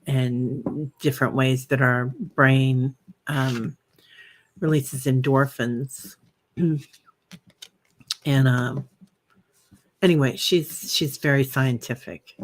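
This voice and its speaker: Speaking in a very deep voice, a woman runs a live meditation stream. She talks with her audience, reads out comments full of filler words, and offers gentle, unhurried breathing cues.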